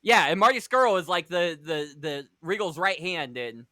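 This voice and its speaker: A man's voice: a little high, big pitch swings, pushed and bright. A man hosting a casual podcast, narrating backstage scenes and arguing over scores with a laugh and the odd swear. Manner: quick, defensive, laughing, swears. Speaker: podcast host, storyteller of a fantasy wrestling league.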